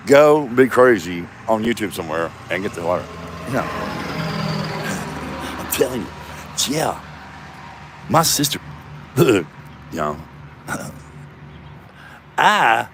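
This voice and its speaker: A man's voice: medium pitch, fairly bright tone. A man in his fifties rambling and swearing in a self-mocking solo vlog, recorded outdoors in a front yard. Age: 50s. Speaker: comedian vlogger. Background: passing traffic.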